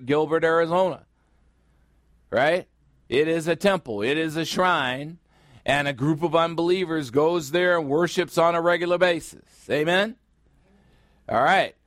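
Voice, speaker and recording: Joking pastor with a fairly high voice. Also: male voice, a bit bright, dry recording, studio quality. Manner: conversational, joking, acts out little dialogues. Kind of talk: sermon. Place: church in Phoenix area.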